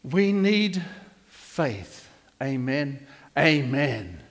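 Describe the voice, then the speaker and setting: A man's voice: mid-range voice, very animated, extremely slow. An older man preaching a sermon as pastor in a church, rambling into digressions with frequent restarts. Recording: echoey hall reverb.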